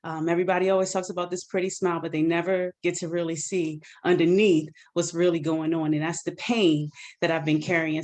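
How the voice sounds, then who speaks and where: A woman author giving an earnest personal testimony about grief on a video call, sometimes quoting scripture. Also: fairly low pitch. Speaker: guest author.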